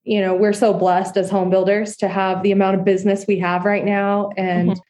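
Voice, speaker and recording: A woman home builder being interviewed, explaining in an earnest, steady way with casual fillers. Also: medium pitch, moderate pace. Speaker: custom home builder guest.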